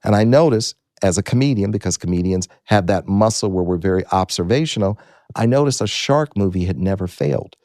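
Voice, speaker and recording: A man in his sixties from the United States tells his story as a guest in an interview. His voice sits low and mellow, and he hammers home each point by repeating it. The sound is close and dry. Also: lively intonation, brisk, no echo. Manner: emphatic, repeats key phrases.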